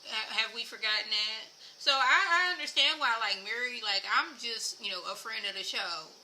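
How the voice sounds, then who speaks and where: A woman recapping a reality show for her viewers in a chatty, opinionated way. She speaks straight to the audience and grows louder and higher when worked up. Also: normal speed, slight background noise, low-quality recording. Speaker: TV show reviewer. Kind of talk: casual recap commentary to viewers.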